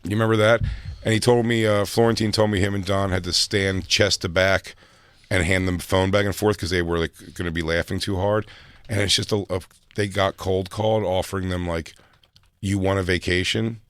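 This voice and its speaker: A man's voice: low voice, fairly even intonation, brisk, clear, resonant tone, dry recording. A man co-hosting a podcast in casual chat, telling a story with laughs and acted quotes. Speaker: podcast co-host.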